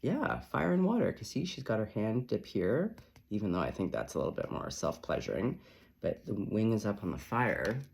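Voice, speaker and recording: A man's voice: on the low side, sing-song, normal speed, vocal fry, darkish tone. A man giving a casual tarot reading in a sassy, chatty, profane manner. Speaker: tarot reader.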